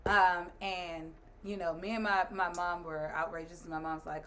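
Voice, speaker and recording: This guest, a woman in her thirties married to the host, uses a lowish voice at normal speed. She tells a story in casual chat, animated and laughing while acting out others' lines.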